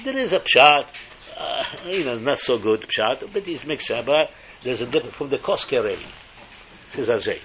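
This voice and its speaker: An older man from Morocco, giving an animated, emphatic storytelling sermon and slipping Hebrew phrases into his English. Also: mid-range voice, normal speed, a little hiss or hum. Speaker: speaker giving a religious talk.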